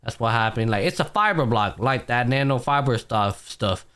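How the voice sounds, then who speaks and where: Animated young man retelling anime scenes. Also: medium pitch, normal speed. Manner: animated retelling, acts out characters' lines, swears casually. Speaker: podcast co-host recapping anime. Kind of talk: casual chat.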